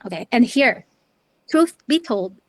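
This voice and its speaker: Chatty high-pitched woman. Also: unhurried, no echo. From Philippines. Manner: chatty, animated, frequent restarts and "like". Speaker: interview guest, wedding planner and videographer. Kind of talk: casual interview storytelling.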